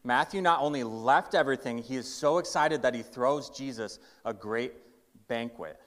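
A male pastor preaching with emphatic, storytelling delivery, his pitch sitting in an ordinary middle range. His words carry a long reverb from a large hall. He slows down for emphasis, then hurries through the asides. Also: fairly bright tone. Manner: emphatic storytelling, varying pace. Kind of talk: sermon.

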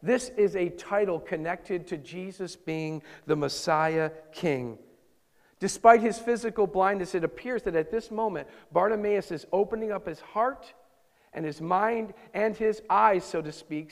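A man preaching a sermon as pastor, moving between loud emphasis and hushed, intimate asides. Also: a little high, unhurried, gravelly. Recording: long hall reverb.

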